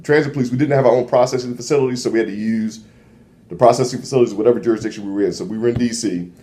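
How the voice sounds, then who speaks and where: A man's voice: mid-range voice, very fast. A middle-aged man, a former police officer, telling stories in casual chat and acting out the voices in them. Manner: animated, acts out voices in his stories. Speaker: interview guest, former transit police officer. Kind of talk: casual storytelling.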